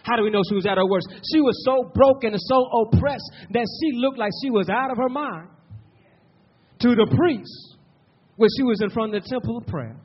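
A man's voice: extremely high pitch, normal speed, husky. A man preaching a sermon, repeating words for emphasis and calling out to the congregation. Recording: muffled lo-fi sermon recording.

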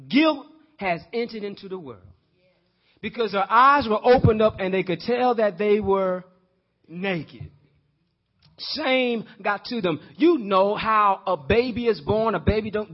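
A man with a high voice delivers a sermon, speaking straight to his listeners and checking whether they follow. He repeats and restarts words as he builds his points, and plays out the characters' lines himself. The recording is dull and lo-fi. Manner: acts out quoted voices in dialogue. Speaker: preacher.

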